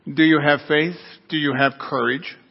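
A man voicing a calm, deep, unseen voice speaking from above in a joke within a sermon. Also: creaky, muffled recording. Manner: calm, unhurried.

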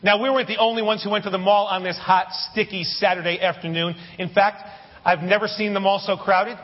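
A pastor with a high, husky voice tells a lively story from the pulpit, tossing jokes to the congregation. He sounds a little muffled, and a long reverb trails his words through the hall. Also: brisk. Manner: animated, anecdotal with humorous asides to the congregation. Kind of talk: sermon storytelling.

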